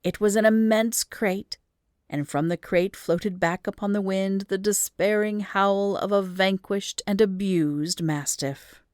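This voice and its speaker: A woman reading an old humorous story aloud as an audiobook, lively and expressive in storytelling. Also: medium pitch, measured pace, no room sound, clean studio sound. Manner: lively storytelling with rising emphasis in action scenes. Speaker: audiobook reader.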